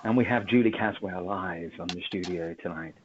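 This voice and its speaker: A man's voice: low voice, moderate pace, muffled recording, a little hiss or hum. A man hosting a casual chat show over a video call, joking and greeting viewers by name. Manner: jokey, reads out viewer greetings.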